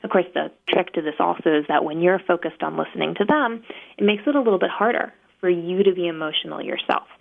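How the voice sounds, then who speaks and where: A woman explains negotiation tactics in a practical, unhurried way, with lots of "you know" and "um." Her voice sits low with a gravelly fry. She comes through a thin, tinny phone line. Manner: practical, steady, filler-heavy explaining. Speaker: negotiation trainer, guest. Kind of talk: explanatory interview talk. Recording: phone-line guest audio.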